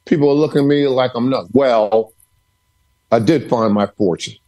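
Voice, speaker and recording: A man's voice: mid-range voice, moderate pace, dark tone. Male podcast guest telling stories from his home study, emphatic and preacher-like in his repetition. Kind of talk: storytelling interview.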